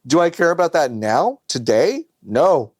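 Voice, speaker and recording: Brief: lively, expressive man in casual podcast banter, dry close sound. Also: on the high side, unhurried, no echo. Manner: animated, swearing, acts out voices. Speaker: podcast co-host. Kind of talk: casual chat.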